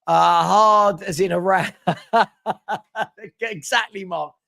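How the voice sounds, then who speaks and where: A man hosting a live football stream, chatty and teasing as he reads viewer comments and gives shout-outs. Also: high voice, fairly even intonation, takes it slowly, creaky. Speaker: host of a live football transfer show.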